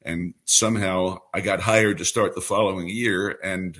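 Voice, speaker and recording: A man's voice: sits low, moderate pace. Polished older announcer man from New York. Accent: New York, mostly trained away. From New York City. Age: 70s. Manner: relaxed anecdotal storyteller with a polished announcer delivery. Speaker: baseball radio broadcaster, guest. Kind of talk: storytelling interview answer.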